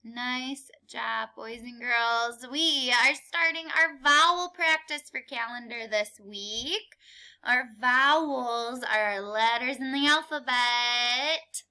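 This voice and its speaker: Slow, bright-voiced woman teaching young children. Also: a little high. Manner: slow, clear, sing-song counting and drilling; encouraging, playful. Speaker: kindergarten teacher.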